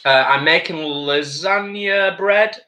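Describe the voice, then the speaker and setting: A man's voice: a little high, slow pace, pushed and bright, reverberant. A man co-hosting a live vegan cooking stream, chatting casually from a home kitchen and reading out viewer comments.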